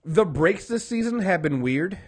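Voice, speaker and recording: Animated man recapping a TV episode. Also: high-pitched, normal speed. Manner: animated, acts out characters' lines, swears freely. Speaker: podcast co-host. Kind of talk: casual TV recap discussion.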